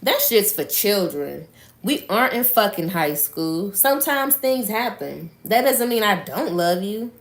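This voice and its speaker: A woman's voice: medium pitch, sing-song, measured pace. A woman voicing an angry, controlling boyfriend who curses and defends himself. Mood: defensive. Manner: cursing, defensive.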